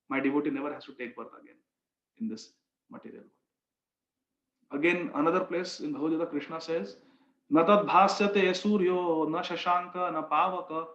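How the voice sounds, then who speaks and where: Man preaching in an echoey room. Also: fairly high pitch. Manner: chants verses slowly, then explains emphatically. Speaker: spiritual teacher. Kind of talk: scripture lecture with Sanskrit recitation. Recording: echoey, slightly muffled room recording.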